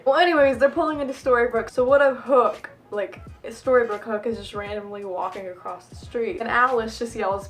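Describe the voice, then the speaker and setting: A woman chatting casually on her fan channel vlog in a bubbly, emotional way, laughing often and using lots of fillers. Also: mid-range voice. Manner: lots of fillers and self-corrections.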